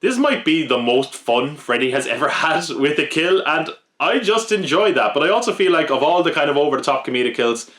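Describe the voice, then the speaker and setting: A man's voice: on the high side, big pitch swings, brisk, few pauses, fairly bright tone. A man hosting a podcast countdown of horror-film kills, with wry, jokey asides to the listener. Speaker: podcast host. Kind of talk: scripted countdown commentary.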